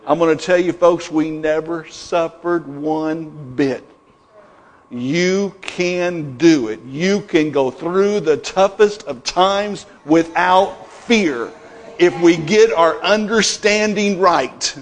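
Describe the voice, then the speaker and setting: A man's voice: on the high side, takes it slowly. A middle-aged male pastor preaching a sermon, building emphasis through repeated declarations. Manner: preaching with rising emphatic repetitions. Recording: long reverb in a hall.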